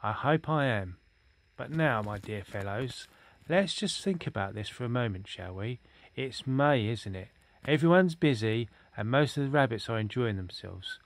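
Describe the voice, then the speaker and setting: A man voicing a pompous, condescending older male Chief Rabbit in a storybook reading, speaking in a smooth, patronizing, drawn-out way. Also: medium pitch, animated, natural voice.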